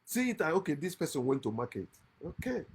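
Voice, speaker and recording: Man hosting his own channel, emphatic lecturing monologue, raised pitch, bursts of laughter. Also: big pitch swings, quick pace, slightly rough. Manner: emphatic, lecturing, swings from loud outbursts to quiet asides; laughs often mid-speech. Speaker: channel host. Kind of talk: impassioned monologue against religion. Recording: lives in America.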